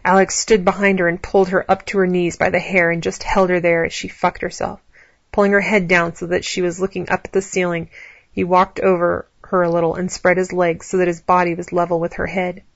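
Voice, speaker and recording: Low, flat-voiced woman narrator. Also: fairly quick, no echo, dull audio. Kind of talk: erotic story reading.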